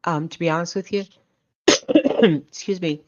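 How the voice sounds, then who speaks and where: Older woman host, casual rambling chat, slow and low, muffled lo-fi sound. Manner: relaxed, rambling with ums. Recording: dull lo-fi audio.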